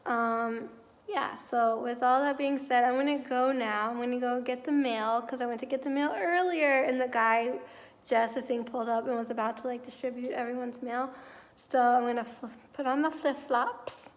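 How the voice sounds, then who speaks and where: A woman's voice: on the high side, fairly even intonation, moderate pace. A tired young woman chatting casually at home in a rambling vlog, full of fillers. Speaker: vlogger.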